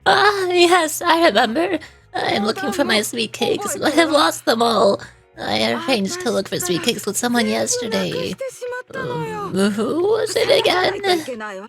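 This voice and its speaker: A woman's voice: high-pitched, very animated, measured pace, gravelly, exaggerated voice. A woman voicing a confused, forgetful elderly granny, speaking hesitantly over game music. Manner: hesitant, trailing off, quavering. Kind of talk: reading game dialogue aloud.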